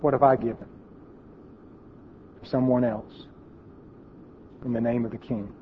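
A man preaching a sermon in an auditorium, telling a story and dropping to a hush at its emotional moments. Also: mid-range voice, fairly even intonation, measured pace, narrow, tinny audio, a little hiss or hum.

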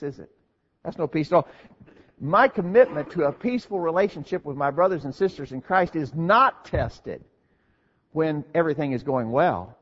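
A man's voice: a little high, long reverb tail, lo-fi sound. A man preaching an earnest sermon to his congregation, stressing his points and asking rhetorical questions.

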